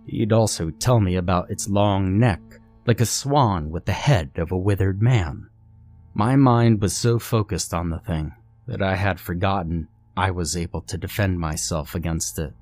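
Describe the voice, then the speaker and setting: A man narrating a scary story in a measured, dramatic storytelling way. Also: sits low, a little mellow. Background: faint music.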